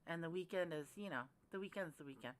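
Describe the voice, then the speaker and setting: A woman's voice: fairly low pitch, fast. A woman hosting a casual livestream, chatting with viewers in a rambling, friendly way. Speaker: livestream host. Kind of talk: casual livestream chat reading comments.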